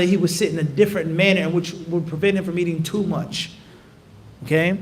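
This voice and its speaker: Fast-talking, high-pitched male religious teacher. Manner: animated, acts out dialogues, recites Arabic rapidly. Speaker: Islamic teacher. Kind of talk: religious lesson with acted examples.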